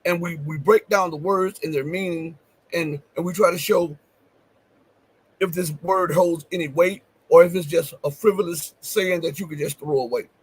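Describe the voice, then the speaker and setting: A man hosting a livestream, talking in a high and rather husky voice. He leans hard on key phrases, repeating them for weight, and throws questions straight at his viewers. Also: fairly even intonation, normal speed, low-quality recording. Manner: addresses viewers directly with questions. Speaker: show host. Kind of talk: livestream commentary.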